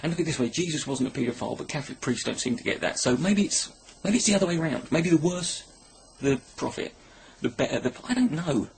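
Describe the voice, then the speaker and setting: A man's voice: fairly high pitch, expressive, quick pace, creaky, few pauses, slight background noise. A man rambling through a crude, sarcastic comedy monologue, filming himself at home on his camera. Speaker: comedy vlogger. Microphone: camera mic.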